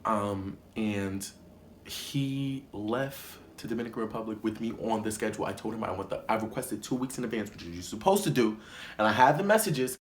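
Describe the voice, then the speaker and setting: A man's voice: lowish voice, animated, moderate pace, reverberant, a little hiss or hum. Indignant young man telling a story. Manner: emphatic, indignant, repeats himself. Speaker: vlogger. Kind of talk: story time vlog.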